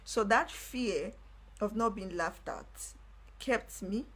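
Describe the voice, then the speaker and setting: A young woman hosting a live stream, telling a personal story in casual talk with animated delivery and repeated phrases. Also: mid-range voice, slow, breathy edge. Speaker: livestream host.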